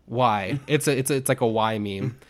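Young adult male podcast co-host; casual, animated storyteller who acts out quotes. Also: mid-range voice, fast talker.

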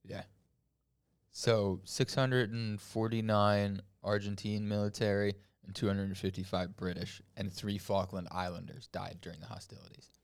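Casting: man, lower voice, loose rambling podcast storyteller, swears casually. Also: flat delivery, normal speed, gravelly. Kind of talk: casual chat.

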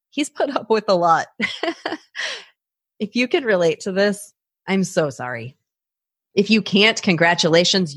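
A woman's voice: fairly low pitch, fairly bright tone, dry recording, studio quality. A woman hosting a personal podcast, talking animatedly and acting out her own anxious inner thoughts. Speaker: podcast host.

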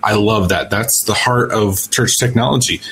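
A man's voice: on the low side, moderate pace, fairly bright tone, a little hiss or hum, poor audio. A man on a podcast talking earnestly about church technology work. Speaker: podcast co-host. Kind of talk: casual podcast chat.

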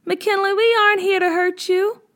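A woman voicing the girls of an island tribe, speaking softly, slowly and reassuringly. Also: very high-pitched, fairly even intonation, voice pushed up.

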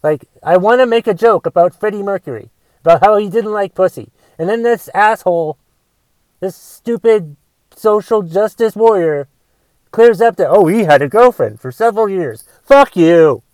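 A man voicing an angry adult man who rants, shouting and swearing, about being fact-checked on social media. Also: fairly high pitch, steady tone, measured pace, no echo, pitched below the performer's own voice, natural voice, poor audio. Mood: enraged. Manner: profane, shouting rant. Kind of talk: comic rant in character.

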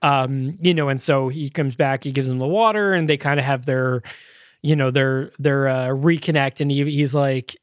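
A man's voice: medium pitch, fairly even intonation, moderate pace, no room sound, clean studio sound. A man co-hosting a podcast, casually reviewing a movie and animatedly retelling scenes while acting out the characters' lines. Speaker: podcast co-host.

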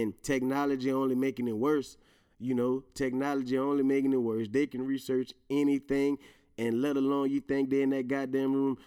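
A man's voice: mid-range voice, a little mellow, clean tone. A man hosting his own show in casual solo commentary, ranting with profanity, slang and laughter while talking straight to his listeners. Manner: profane, laughing, emphatic rants; slang-heavy, addresses listeners directly. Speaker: podcast host.

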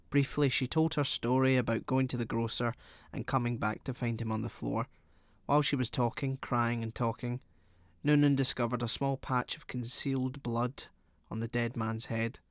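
Close, dry sound with no room reflections carries a man's mid-pitched voice as he reads a short story aloud. He narrates it like an audiobook, steady and measured.

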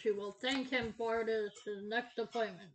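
A woman's voice: fairly high pitch, steady tone, moderate pace. A woman chatting casually among friends and dropping wry, dry quips. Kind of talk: casual chat. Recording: clicks and clear background noise.

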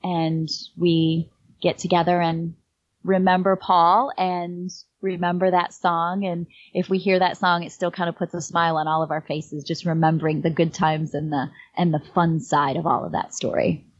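The speaker is a middle-aged woman, a guest, sharing a personal story in relaxed conversation. Her fairly low voice barely moves in pitch and keeps a moderate pace as she rambles a little, filling gaps with "um" and "like"; the sound is dull, slightly lo-fi and dry, with no room sound.

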